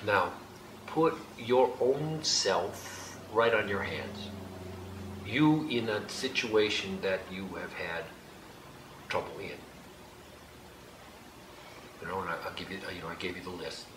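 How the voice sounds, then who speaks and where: A man leading a group exercise in a hall, giving slow, gentle instructions with light laughter. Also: low-pitched. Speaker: workshop leader. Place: hall with an audience. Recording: echoey room, background noise.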